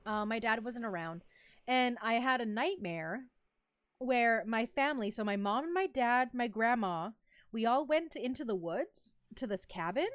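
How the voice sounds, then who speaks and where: A young woman streamer chatting casually with her live chat, telling a story in a giggly, animated, rambling way. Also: fairly high pitch, a little slow, smooth, no room sound. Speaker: vtuber streamer.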